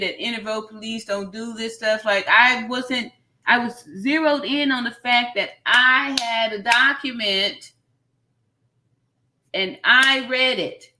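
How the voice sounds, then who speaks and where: A woman's voice: a little high, a little hiss or hum. A woman hosting a casual commentary vlog, talking straight to her viewers and laughing often at herself. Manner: laughs often, animated, self-mocking; talks straight to viewers, y'all. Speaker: nurse YouTuber, channel host.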